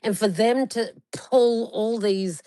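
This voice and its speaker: A woman's voice: a little high, takes it slowly, dark tone, no echo. A woman in her forties, talking in a casual chat, telling stories emphatically and swearing heavily. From Australia. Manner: heavily profane, emphatic storytelling.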